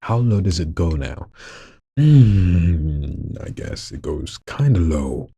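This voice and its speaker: A man with a very deep, gravelly voice full of vocal fry, chatting casually and jokingly in a vlog while showing off voices at home late at night. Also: moderate pace, no room sound. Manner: relaxed, chatty, jokey asides. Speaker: hobby voice actor.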